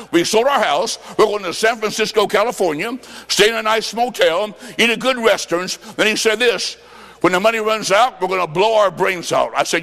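A man preaching a revival sermon with folksy stories, impassioned and shouting at the peaks. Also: high voice, vocal fry. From Illinois. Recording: echoey hall with long reverb.

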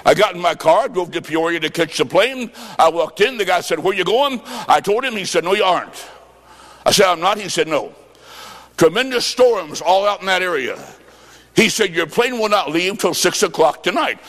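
A fervent evangelist man preaching in a big hall, his fairly high voice ringing out with a long echo. He shouts his points and tells stories in quoted dialogue, sometimes drawing words out almost into song. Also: lively intonation, normal speed. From Illinois, United States. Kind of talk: revival sermon.

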